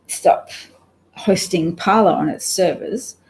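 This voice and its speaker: A woman's voice: on the low side, slow pace, vocal fry, darkish tone, slight background noise, poor audio. A woman giving rambling, wry solo commentary on the news, reading out quotes and sounding sleepy. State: sleepy, yawning. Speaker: political commentator.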